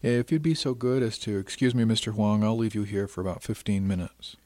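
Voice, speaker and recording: A man voicing a calm, kindly female starship captain who speaks gently and matter-of-factly. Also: on the low side, no room sound, lightly acted. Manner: gentle, brisk and matter-of-fact.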